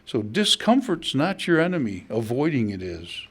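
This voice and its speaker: A man's voice: mid-range voice, very animated, normal speed, husky. A middle-aged man, preaching a conversational sermon to his congregation and telling stories. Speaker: pastor.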